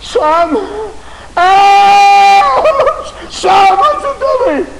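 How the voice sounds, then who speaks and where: A man's voice: very high-pitched, animated, very slow, gravelly, voice pushed up, exaggerated voice. A man voicing a damned father in hell who cries out desperately for his son. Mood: pleading. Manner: crying, desperate calling. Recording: echoey hall, hiss.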